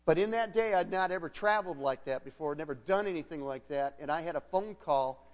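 A man's voice: on the high side, fairly quick. A middle-aged man, a guest pastor, preaching a sermon as a conversational personal story with frequent restarts. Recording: long hall reverb.

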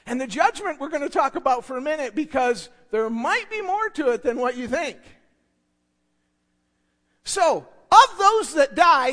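A man preaching a sermon as a pastor. He is emphatic, drops to hushed asides, builds to shouted points and repeats key words for effect. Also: extremely high pitch. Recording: long reverb of a large hall.

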